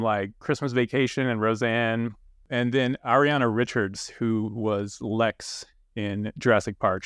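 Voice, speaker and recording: A man co-hosting a casual podcast, relaxed and rambling with many fillers. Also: medium pitch, clear, resonant tone, no room sound, studio quality. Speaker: podcast co-host.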